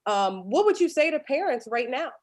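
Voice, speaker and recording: A woman's voice: high voice, big pitch swings, normal speed. A woman moderating a panel, asking earnest, probing questions. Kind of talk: panel discussion.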